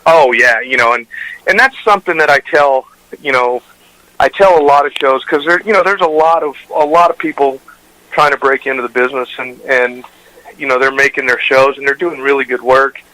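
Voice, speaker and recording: A man in a casual interview, spinning long anecdotes about his radio show and stumbling into restarts as he goes. His voice is bright and forceful, and his pitch sits in the middle range. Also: fairly quick, rough recording. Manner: rambling anecdotes with frequent restarts and fillers. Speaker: radio show host, guest.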